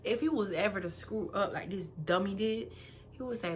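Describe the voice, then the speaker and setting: A young woman, five months pregnant, telling a story in a blunt, profane, animated vlog rant that swings between loud outbursts and quiet asides. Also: mid-range voice, moderate pace, slight background noise. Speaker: vlogger.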